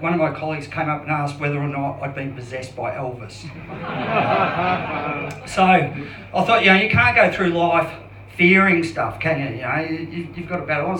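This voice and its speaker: A man around fifty doing an open mic stand-up set, self-deprecating and halting, with many restarts. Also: a little high, fairly bright tone, recorded from a distance, slight background noise. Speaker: stand-up comedian. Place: comedy club stage. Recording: roomy club sound from off mic.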